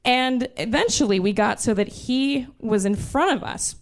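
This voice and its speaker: A woman in her twenties telling a true story on stage, animated and laughing as she goes. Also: fairly high pitch, moderate pace. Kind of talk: live storytelling.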